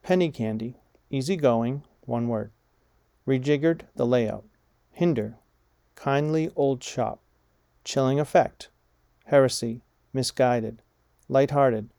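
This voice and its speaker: A man slowly reading vocabulary words and example sentences aloud, deliberate and measured, spelling out punctuation like commas and hyphens. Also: mid-range voice, gravelly, mellow, no echo. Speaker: vocabulary reader. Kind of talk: slow dictation of vocabulary words and phrases.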